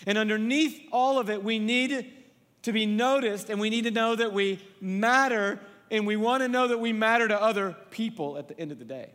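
A fairly high-voiced man preaching a sermon to a large church, joking and acting out little scenes. His voice rings with a long reverb from the big hall around him. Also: normal speed, fairly bright tone. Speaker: pastor.

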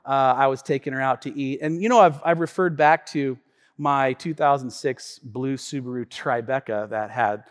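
A male pastor preaching in a chatty, animated storytelling way, full of asides and repetitions, heard in a reverberant church hall. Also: medium pitch. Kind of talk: storytelling sermon.

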